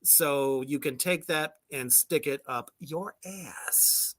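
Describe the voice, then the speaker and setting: A woman's voice: low-pitched, slow. A woman co-hosting a casual show, reading a list aloud and mocking it with sarcastic, profane asides and frequent laughter. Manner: sarcastic, swears freely, laughs often.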